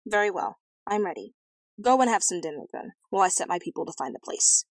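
A woman voicing a hot-tempered, blustering old king in a storybook reading, with loud huffy outbursts. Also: lowish voice, big pitch swings, fast, dry recording. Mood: angry.

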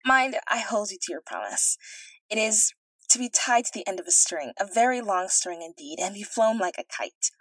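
A woman's voice: mid-range voice, lively intonation, moderate pace, fairly bright tone, no room sound, low-quality recording. Woman doing a giddy, silly young princess. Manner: bubbly and teasing.

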